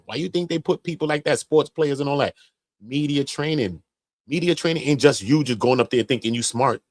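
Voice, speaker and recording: A man's voice: mid-range voice, no echo. Brief: male live-stream host, casual slangy commentary, very dry close sound. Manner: animated, slangy, mocking impressions.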